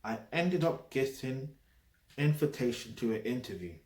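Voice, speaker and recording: A man's voice: medium pitch, animated, normal speed, darkish tone. Blunt London man in a roomy echo. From London, England. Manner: blunt, emphatic, peppered with tag questions and swearing. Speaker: vlogger. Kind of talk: casual direct-to-camera talk.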